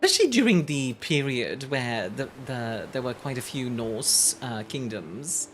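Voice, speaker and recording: A woman's voice: rumbling low, big pitch swings, unhurried, slight background noise. A young woman streaming a game, chatting playfully with her viewers, laughing often and rambling off on asides. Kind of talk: casual live-stream game commentary.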